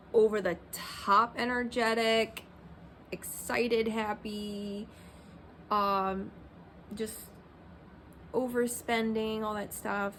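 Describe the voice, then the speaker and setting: A woman's voice: medium pitch, slight background noise. A woman in her thirties talking candidly in a personal vlog, rambling with many fillers like "um" and "like". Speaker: Christian vlogger.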